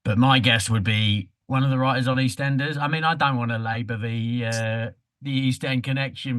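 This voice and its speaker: A man's voice: medium pitch, a little fast, hardly any pauses, fairly bright tone, dry recording. Playful, teasing man on a dry mic. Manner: playful, teasing, swears freely. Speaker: podcast co-host. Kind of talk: casual podcast chat.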